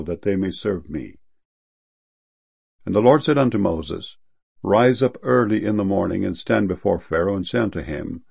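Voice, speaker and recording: Male scripture reader; low, raspy, measured, dry booth sound. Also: no echo. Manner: steady, measured reading of archaic verses. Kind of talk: scripture reading.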